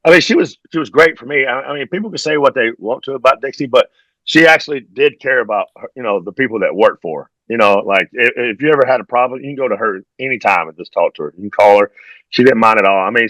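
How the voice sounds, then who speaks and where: A man's voice: medium pitch, fast talker, a bit bright, no echo, poor audio. Laid-back man telling stories. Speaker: podcast guest, former pro wrestler. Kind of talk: casual interview storytelling.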